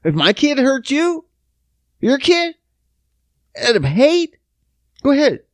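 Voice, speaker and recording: A man in his thirties from Canada telling a story on his podcast, swearing often and swinging between loud outbursts and low mutters. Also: sing-song, slow, no echo. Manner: profane, emphatic, big pitch swings. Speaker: podcast host. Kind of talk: casual storytelling monologue.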